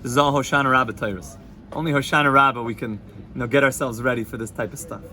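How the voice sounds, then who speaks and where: A man, teaching an informal Torah class to students, animated and joking, sprinkling in Hebrew and Yiddish terms. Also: medium pitch, fast, a little hiss or hum. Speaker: yeshiva rabbi teaching students.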